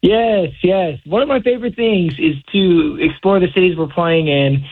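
Chill young musician dude, kinda high voice, talks loose with lots of "you know", sounds like he's on a phone line. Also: normal speed. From Seattle, raised in Hawaii. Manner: laid-back, chatty, lots of "you know" and "like". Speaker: musician guest. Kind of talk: casual interview answers.

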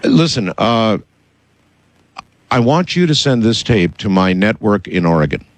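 A man hosting a call-in radio show, cutting in and pressing his caller in a halting, insistent way. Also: on the low side, very animated, dry recording. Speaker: radio host.

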